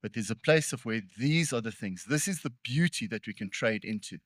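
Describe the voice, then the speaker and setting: A male pastor delivers a sermon in a relaxed, conversational style, pressing earnest points before undercutting himself with wry, self-deprecating jokes. His voice is an ordinary middle pitch for a man, and he speaks a little fast. The recording is dry and close, with little room echo.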